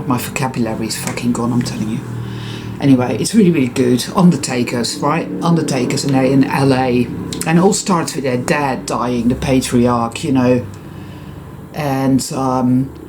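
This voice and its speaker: A man with a mellow, rounded voice wanders through a loose monologue. He swears freely and breaks off his own sentences to go off on tangents. A faint hiss sits under the recording. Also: mid-range voice. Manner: profane, digressive, frequent self-interruptions. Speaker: vlogger. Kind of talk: rambling personal monologue.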